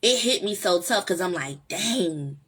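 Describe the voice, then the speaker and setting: A woman's voice: medium pitch, lively intonation, normal speed, fairly bright tone, slightly rough. A woman hosting her own vlog, talking in an earnest, rambling way with lots of fillers and restarts. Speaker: vlog host. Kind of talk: casual heartfelt monologue.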